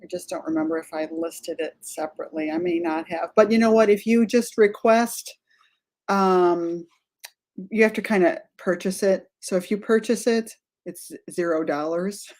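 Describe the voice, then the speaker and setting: A woman's voice: fairly low pitch, normal speed, a little mellow. A middle-aged woman hosting a live-streamed craft tutorial, chatting casually, greeting viewers by name and often wandering off-topic and correcting herself. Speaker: art tutorial host.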